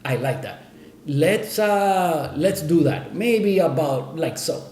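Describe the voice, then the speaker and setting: A man's voice: a little high, animated, slow, darkish tone, roomy sound. A man voicing a half-drunk, stubborn male Mad Hatter in a told story, making offhand declarations. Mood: tipsy.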